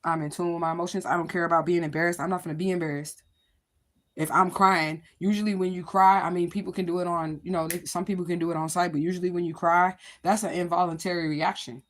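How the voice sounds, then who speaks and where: Quick-paced, a woman's lowish voice stays fairly flat, with little pitch movement. She hosts a livestream, talking directly to viewers in a loose, candid, rambling way, with plenty of swearing.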